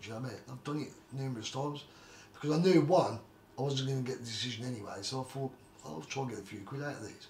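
A middle-aged retired journeyman boxer, guesting on a casual interview, rambles through his stories and keeps repeating "like I say" and "do you know what I mean." His medium-pitched voice is quick and a little mellow, recorded with roomy echo and faint background noise.

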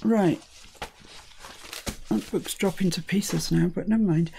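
A woman's voice: fairly low pitch, a little slow, gravelly, background noise. A British woman hosting a crafting tutorial, chatting and thinking aloud as she works. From United Kingdom.

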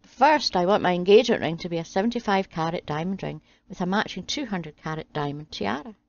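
A woman's voice: on the low side, animated, brisk, creaky, dull audio. A woman playing a cold, demanding secretary. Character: cool-headed young female secretary.

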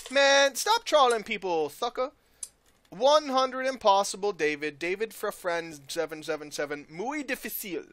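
A man doing gameplay commentary, with loud exaggerated outbursts, yelling and groaning as his character dies. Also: high-pitched, animated, measured pace. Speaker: let's player.

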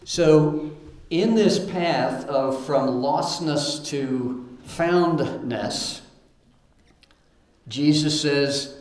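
A man's voice: fairly high pitch, extremely slow. A man preaching a sermon, reading scripture aloud between plain remarks, with fillers and repeated starts. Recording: roomy echo.

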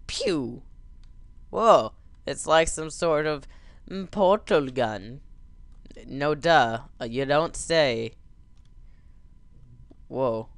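A young man doing jokey let's play commentary, excitable and yelping and cheering as he plays. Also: mid-range voice, clean tone, no room sound. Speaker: gameplay commentator.

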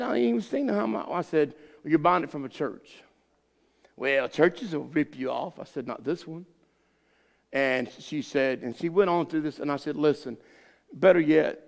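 A man's voice: mid-range voice, gravelly, big-room sound. A man pastor teaching a Bible study, telling a folksy, rambling story full of restarts. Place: church sanctuary.

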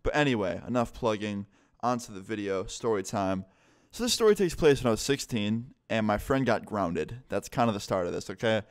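A man's voice: fairly low pitch, animated, a little fast. A young man telling a story in a casual, rambling storytime vlog, swearing freely as he goes. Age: young adult. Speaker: vlogger.

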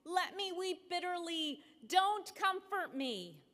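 A woman's voice: very high voice, sing-song, slow, bright, forceful tone, pitched above the performer's own voice, exaggerated voice. A woman in a sermon voicing God as a grieving figure who pleads to be allowed to weep. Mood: anguished. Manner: pleading, anguished. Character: grieving, weeping God begging to cry. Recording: long hall reverb in a sanctuary.

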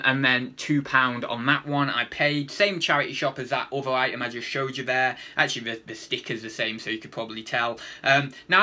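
A man's voice: medium pitch, pushed and bright. A man chatting casually through a reselling haul video, rambling and thinking aloud with plenty of fillers. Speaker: online reseller.

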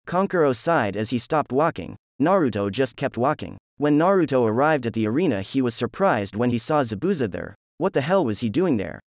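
Man, story narration, plain even reading, middle pitch, dry sound. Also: fairly quick, no room sound. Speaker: fan fiction reader.

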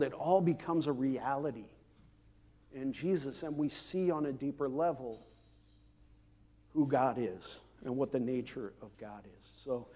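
A man preaching a sermon as pastor, measured and unhurried, with frequent "uh" fillers and the odd dry aside. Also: mid-range voice, dark tone, breathy edge. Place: church sanctuary. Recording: long church hall reverb.

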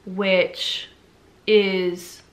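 A woman's voice: mid-range voice, little pitch movement, drawn-out words. A young adult woman retelling a fairy tale for a movie review vlog, chatty and full of fillers. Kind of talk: casual storytelling review.

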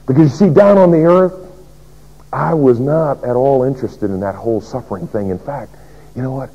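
Pastor with a husky, dark voice. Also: male voice, mid-range voice, normal speed, pauses often. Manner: shifts between loud declaration and hushed whisper. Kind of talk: dramatic first-person sermon. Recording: dull lo-fi sermon recording.

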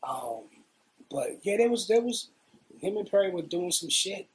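A middle-aged man with a New York accent telling profane, animated stories in a casual interview. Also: high-pitched, moderate pace. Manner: profane, animated, acts out quotes. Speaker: interviewee, guitarist. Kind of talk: casual storytelling.

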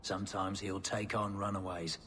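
An actor playing a streetwise, wry smuggler in a video game, talking in a gruff, matter-of-fact way. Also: male voice, sits low, level tone, normal speed, fairly bright tone, big-room sound, slight background noise.

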